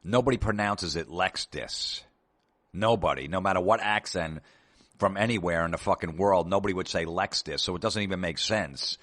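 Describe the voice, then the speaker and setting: A man's voice: low-pitched, moderate pace, a bit bright. A man hosting a comedy show, ranting in a sarcastic, profane and exasperated way. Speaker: comedian host. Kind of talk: comedic rant.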